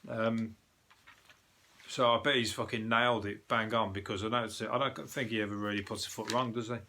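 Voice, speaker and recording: A man's voice: on the low side, steady tone, fairly quick, sharp tone, slight background noise. A man with a Birmingham accent, hosting a casual solo news podcast in a rambling, sweary, chatty way with lots of fillers. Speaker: podcast host.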